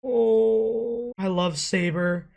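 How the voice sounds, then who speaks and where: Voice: medium pitch, extremely slow, gravelly, a little mellow. A young adult hosting an anime reaction video, gasping, exclaiming and swearing at the screen. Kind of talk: emotional reaction commentary.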